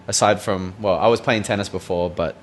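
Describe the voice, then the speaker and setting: A man's voice: low-pitched, fairly quick, background noise. A man in his thirties with an Australian accent, chatting casually as guest co-host and speaking modestly. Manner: easygoing, modest. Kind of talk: casual podcast chat.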